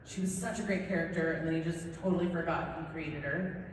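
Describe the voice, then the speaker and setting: A woman's voice: deep voice, fairly quick, far from the mic, slight background noise. Chatty woman in an echoey hall. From Southern California, USA. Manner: chatty, animated, self-deprecating joking. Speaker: voice actor, convention panel guest. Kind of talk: convention Q&A storytelling. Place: convention panel room.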